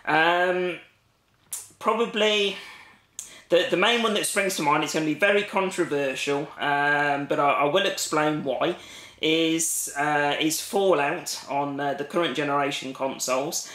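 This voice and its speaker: A man's voice: a little high, measured pace, bright, forceful tone. Chatty Midlands man in an echoey room. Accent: English Midlands. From English Midlands. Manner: rambling, many ums and restarts. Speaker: YouTube gaming vlogger. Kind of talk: casual chat to camera.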